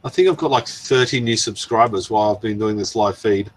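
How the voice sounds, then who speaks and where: A man's voice: lowish voice, fairly quick. A man hosting a casual live stream, rambling and chuckling as he goes through viewer comments. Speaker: channel host.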